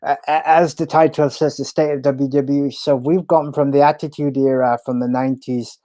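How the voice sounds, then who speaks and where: A man's voice: mid-range voice, steady tone, normal speed, dark tone, no room sound. A man co-hosting a wrestling podcast, blunt and opinionated, stammering as he starts his points. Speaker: podcast co-host. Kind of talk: casual wrestling chat.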